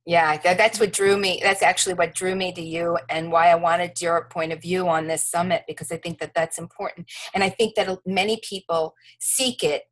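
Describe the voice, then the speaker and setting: A woman's voice: lowish voice, fairly even intonation, moderate pace, hardly any pauses, low-quality recording. A woman hosting an interview, enthusiastic and effusive, introducing and questioning her guest. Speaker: interview host. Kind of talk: interview conversation.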